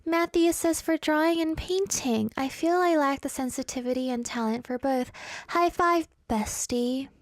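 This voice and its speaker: A woman's voice: high-pitched, normal speed, dry recording. A woman radio host chatting casually and reading out listener messages, playful and self-mocking. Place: radio studio.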